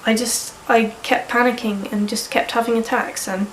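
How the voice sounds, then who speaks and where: A woman's voice: on the high side, flat delivery, normal speed, fairly bright tone, reverberant, a little hiss or hum, rough recording. A woman in her early twenties with a cold, vlogging in a frank, rambling way and swearing casually. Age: early 20s. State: sniffly with a cold. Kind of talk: candid personal vlog.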